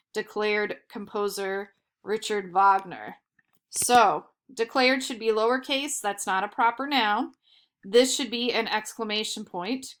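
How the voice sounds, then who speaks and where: A young woman teaching sixth graders, slowly and carefully explaining quotation punctuation and reading example sentences aloud. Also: fairly high pitch, a bit bright. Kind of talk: screen-recorded grammar lesson.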